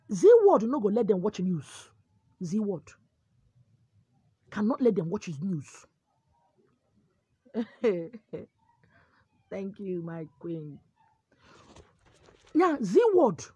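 Nigerian Igbo woman, husky higher voice, forceful preachy monologue in a dry close sound. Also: no echo. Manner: forceful, preachy, switching between pidgin and Igbo. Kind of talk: animated monologue.

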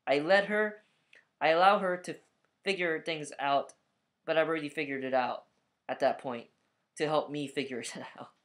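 A man's voice: a little high, normal speed, long pauses, fairly bright tone. A man talking to camera in a reflective vlog, thinking aloud with frequent restarts and fillers. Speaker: vlogger.

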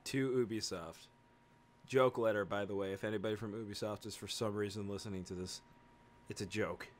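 A man's voice: on the low side, steady tone, fairly quick, slight background noise. Young man ranting and joking. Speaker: podcast host. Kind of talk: casual late-night chat.

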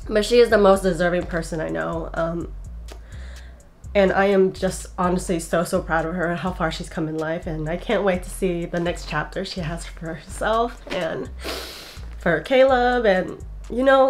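A vlogger in her twenties with a mid-range voice gushes through a casual show-and-tell of her gifts from her bedroom at home. She's chatty, a bit breathless and giggles often, with a little hiss or hum on the recording.

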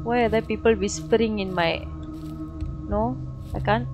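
A young woman with a Malaysian English accent, commentating a horror game, jumpy and swearing constantly with loud startled reactions. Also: on the high side, fairly even intonation, normal speed, over music. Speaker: gaming streamer.

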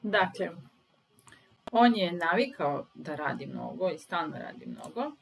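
A woman with a Serbian accent teaching English grammar, patiently stressing example sentences slowly. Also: fairly low pitch, big pitch swings, creaky, breathy edge, rough recording.

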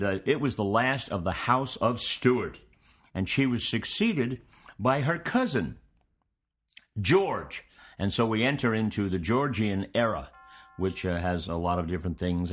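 Low-voiced man giving a rambling history lecture. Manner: relaxed, meandering, conversational delivery. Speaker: history teacher and show host. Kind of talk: informal history lecture to students.

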